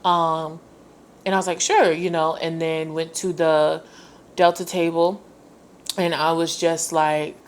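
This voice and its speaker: Animated, casual young woman storyteller. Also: slow pace, a little hiss or hum. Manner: animated, acts out quoted dialogue with sharp pitch jumps; casual, slangy and chatty. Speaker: podcast host. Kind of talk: personal storytelling monologue.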